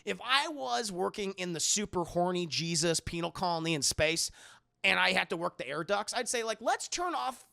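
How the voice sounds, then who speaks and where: A young man with a high, bright voice and a heavy gravelly fry runs through a movie scene by scene for his live chat. He is sarcastic and profane, and he keeps slipping into quick impressions of the characters. The delivery is casual and riffing, never scripted. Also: animated. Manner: sarcastic, jokey, swears freely, acts out characters in quick asides. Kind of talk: casual profane film recap.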